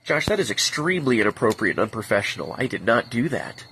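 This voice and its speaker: Man as gravelly, clinical therapist for a comedy skit. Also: lowish voice, very animated, fast talker, pushed and bright, slight background noise, exaggerated voice, poor audio. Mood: prim. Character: prim male therapist, stiffly professional.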